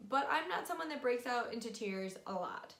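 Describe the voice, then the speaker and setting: A woman's voice: fairly high pitch, animated, normal speed, fairly bright tone. A young woman vlogging casually and frankly, with many fillers. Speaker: vlogger sharing her fertility treatment. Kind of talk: casual explainer vlog. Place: room at home. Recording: echoey room, faint music.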